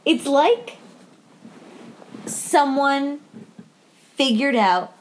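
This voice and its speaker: Exasperated high-voiced woman ranting slowly. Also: animated, a little hiss or hum. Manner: ranting, exasperated, swearing, sarcastic retelling. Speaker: podcast co-host. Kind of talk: casual movie review chat.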